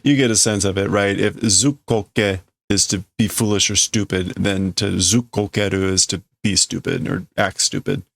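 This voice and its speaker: A man's voice: deep voice, fairly even intonation, moderate pace, gravelly, few pauses, a bit bright, dry recording. A man casually reading and translating aloud, thinking over word meanings as he goes. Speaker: streamer reading manga aloud.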